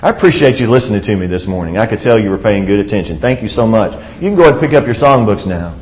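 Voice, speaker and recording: A middle-aged man preaching a sermon, earnest, asking the listeners direct questions and swinging between loud emphatic lines and hushed soft ones. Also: fairly low pitch, animated, fast.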